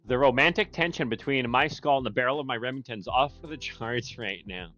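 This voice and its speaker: A man's voice: mid-range voice, moderate pace, hardly any pauses, fairly bright tone. A young Canadian man with a Canadian accent, streaming a shop game and joking crudely with his chat. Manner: brash, crude, jokey, talks to chat. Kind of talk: joking gameplay commentary.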